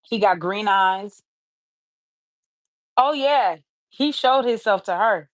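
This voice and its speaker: A woman host on a livestream earnestly retells a story she heard, returning again and again to "she said". Her voice sits at an ordinary middle pitch. The sound is close and dry, with no room around it. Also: lively intonation, takes it slowly, no room sound. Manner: earnest retelling with many repeated "she said" asides.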